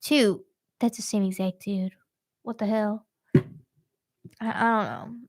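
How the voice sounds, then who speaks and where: A woman's voice: medium pitch, slow pace. A young woman hosting a true-crime podcast, retelling a case in casual, slangy chat. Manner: slangy, animated storytelling.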